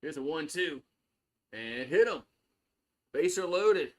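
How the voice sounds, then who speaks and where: A man's voice: on the high side, expressive, slow. A man giving casual play-by-play on a live stream, loose and chatty, swearing freely. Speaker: live stream sports host.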